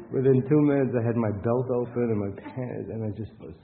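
A man giving a lecture with anecdotes in a rambling, conversational way, often restarting his sentences. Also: medium pitch. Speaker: workshop lecturer. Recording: tinny phone-like sound with faint hiss.

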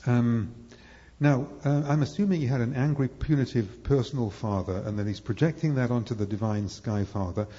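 A man with a mellow, mid-range voice gives a live lecture to an audience at normal speed, rambling and hesitant with many fillers and restarts. The sound is dull and lo-fi, recorded in an echoey hall.

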